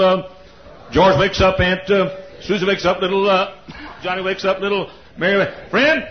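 High-voiced preacher shouting his points. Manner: repetitive, builds to shouting, then drops to a low murmur; frequent coughs and throat-clearing. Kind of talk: sermon. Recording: dull lo-fi recording with faint hiss.

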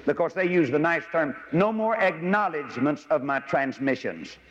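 Male preacher, folksy storyteller with excitable high bursts; lo-fi recording in a reverberant hall. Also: moderate pace, noisy background. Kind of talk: sermon. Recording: dull lo-fi audio with long hall reverb.

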